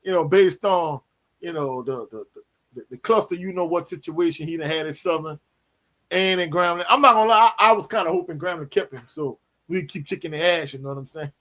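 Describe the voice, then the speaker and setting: Man, live stream host, casual chat, slangy, animated, slightly high voice. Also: a little fast. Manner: animated, slangy, repeats "you know what I'm saying". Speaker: sports talk host.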